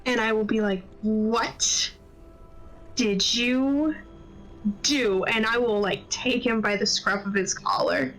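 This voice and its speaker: A woman's voice: medium pitch, steady tone, normal speed, few pauses, a bit bright, soft background music, rough recording. A woman playing a tabletop role-playing game, describing her character's actions playfully in the first person. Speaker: player.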